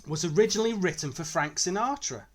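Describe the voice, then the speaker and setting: Easygoing man, higher voice. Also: animated, fast. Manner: easygoing, chatty, laughs readily. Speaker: podcast co-host. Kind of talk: casual podcast chat.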